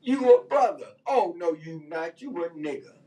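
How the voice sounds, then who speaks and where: A man's voice: fairly high pitch, lively intonation, normal speed, warm tone, far from the mic, low-quality recording. A man hosting a radio talk show, ranting in loose, heated slang with lots of fillers. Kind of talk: casual opinion talk.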